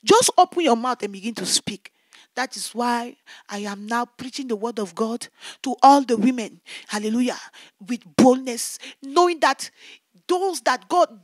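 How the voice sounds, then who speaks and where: A woman's voice: high voice, no echo, clean studio sound. A woman evangelist giving a fervent testimony sermon, repeating her exclamations of praise.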